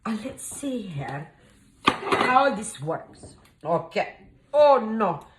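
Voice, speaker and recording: A woman with a mid-range, sing-song voice speaks extremely slowly in a very noisy recording, playing a cheerful, scatterbrained female Mad Hatter hosting an improvised comedy cooking demo in costume. Her Scottish-tinged accent drifts and shifts, and she rambles in a chatty, flustered way, muddling the measurements.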